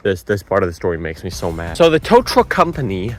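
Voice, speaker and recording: A young man narrating a storytime vlog, animated and exaggerating for laughs, swearing freely. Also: fairly low pitch, a little fast. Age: young adult. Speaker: vlogger. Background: clear background music.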